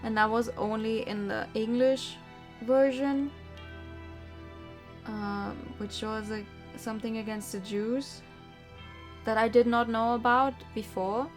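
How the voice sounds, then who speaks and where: A woman's voice: fairly high pitch, fairly even intonation, takes it slowly, pauses often. A woman streamer chatting casually through a game, sarcastic, swearing freely and laughing often. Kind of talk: casual gameplay commentary. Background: background music.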